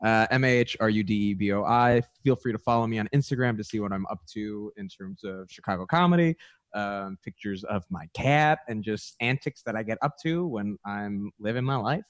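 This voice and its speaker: A man's voice: on the low side, fairly quick, no echo. A man who is a comedian and game player, chatting with wry, joking asides. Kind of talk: casual podcast chat.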